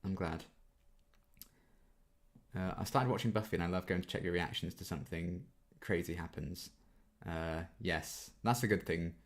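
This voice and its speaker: In a low voice at normal speed, a twenty-something man hosting a YouTube reaction channel reads viewer questions aloud in a casual Q&A. He chats his answers out, saying um often.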